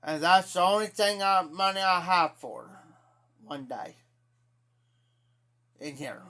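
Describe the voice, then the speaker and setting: His voice sits high with a sharp tone, lively intonation and a slow pace as this Ohio man spins a profane, rambling tale for his chat. The delivery is casual and repetitive.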